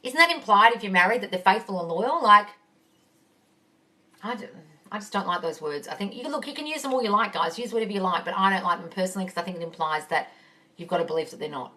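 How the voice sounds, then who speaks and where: A woman's voice: mid-range voice, expressive, fast, pushed and bright, far from the mic. A woman coaching on a phone live stream, reading viewer questions aloud and answering them bluntly and casually, calling everyone darling and swearing freely. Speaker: manifesting coach.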